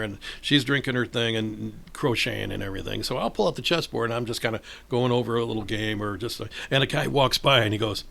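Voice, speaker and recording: Older man, gravelly, bright, lively storyteller, chess organizer guest, podcast interview. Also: medium pitch. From northern Illinois, USA. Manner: animated storyteller acting out quoted voices, laughs often.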